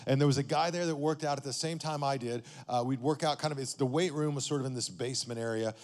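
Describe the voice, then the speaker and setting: A man's voice: medium pitch, fast, in a large hall. A man, a pastor, telling a story in a sermon in a conversational way, often checking in with his listeners.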